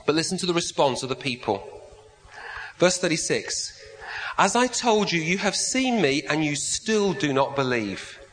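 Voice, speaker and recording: A man with a high voice preaches a sermon, halting now and then and repeating words while he searches for the next phrase. His voice rings out with a long reverb, as in a church hall. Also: very animated, fairly bright tone.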